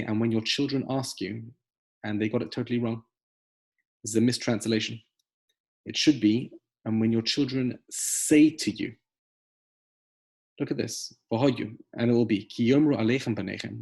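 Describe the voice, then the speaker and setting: A man's voice: mid-range voice, creaky, darkish tone, husky. A man teaching a close reading of a scriptural text, emphatic and explaining step by step with rhetorical questions. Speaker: Torah teacher. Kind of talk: text study lesson.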